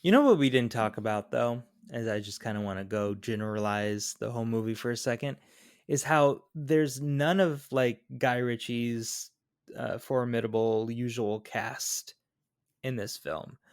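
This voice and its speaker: A man co-hosting a podcast, chatting casually about a film in a relaxed, slightly halting way. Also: medium pitch, clean tone, no echo, studio quality. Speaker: podcast co-host.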